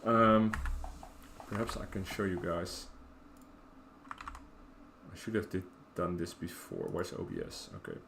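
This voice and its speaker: A man with a Dutch accent chats loosely over a city-building game, often trailing off and correcting himself. His voice sits fairly low. Faint keyboard typing can be heard behind him. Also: huge pitch swings, slow, creaky, long pauses, a bit bright, a little hiss or hum. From Netherlands. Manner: rambling, self-correcting, chatty asides. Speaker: streamer. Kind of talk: casual gameplay commentary.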